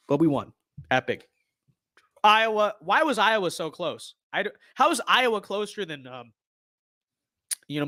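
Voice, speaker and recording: A young man streaming a game and commenting casually, hyped, jokey and boastful, often shouting with excitement. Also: high-pitched. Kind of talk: casual gaming livestream commentary.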